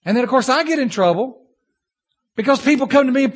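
A male pastor preaching a sermon, telling stories and swinging between loud bursts and low asides. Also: lively intonation, quick pace.

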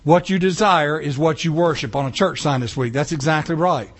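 High-voiced preacher. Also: male voice, fairly quick. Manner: animated preaching with casual asides and rhetorical questions. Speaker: pastor. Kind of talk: sermon. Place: church sanctuary.

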